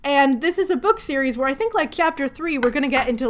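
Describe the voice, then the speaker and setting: Woman host, high voice, rambly self-deprecating craft-stream chatter. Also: expressive, quick pace. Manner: chatty, rambling, laughing at herself. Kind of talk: casual livestream chat while crafting.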